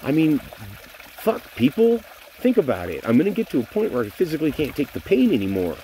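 A man's voice: medium pitch, huge pitch swings, racing, dark tone, a little hiss or hum. A man in his forties venting in a bitter, profane vlog monologue. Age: 40s. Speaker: vlogger.

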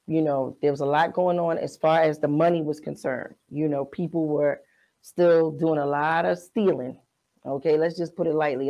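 A woman's voice: on the low side, vocal fry, dark tone, poor audio. A woman, frankly telling a personal story as a podcast host in a profane, conversational way.

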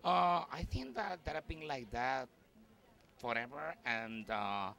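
A middle-aged man with a Puerto Rican Spanish accent, Spanish his first language, chatting in English about his comedy career. His voice is bright and forceful, and his pitch jumps around with excitement. He talks in an expressive, excitable way, as a performer does. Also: slow pace, vocal fry. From Puerto Rico. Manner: animated, excitable, lively swings in pitch. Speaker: stand-up comedian and actor. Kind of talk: festival red-carpet interview. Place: busy festival event in New York.

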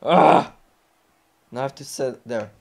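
A young man commenting on his own wrestling video game playthrough, often frustrated and yelling or swearing at the game. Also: medium pitch, measured pace, gravelly. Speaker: gamer recording a playthrough. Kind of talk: live gameplay commentary.

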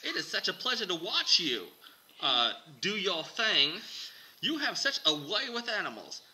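A man playing an overexcited male wildlife show host in a put-on Australian accent, loud and theatrical. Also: high-pitched, wildly swooping pitch, unhurried, pitched above the performer's own voice, full character voice, low-quality recording.

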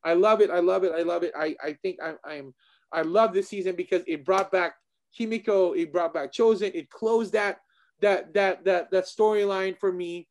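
Excitable man with a high voice. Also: normal speed. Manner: animated, excitable, repeats himself. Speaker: martial arts instructor and co-host. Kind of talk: casual chat.

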